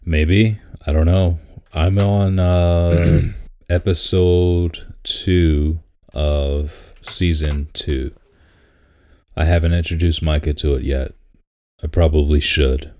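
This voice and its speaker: A man with a very low voice talks slowly in a relaxed, casual chat. He laughs easily and stumbles over repeated words when something amuses him. The tone stays easygoing and unhurried.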